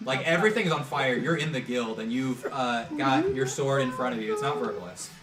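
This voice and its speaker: A man with a mid-range voice narrates as game master of a tabletop game, halting often, with lots of fillers and restarts. The mic is distant in a roomy space, and music plays behind him.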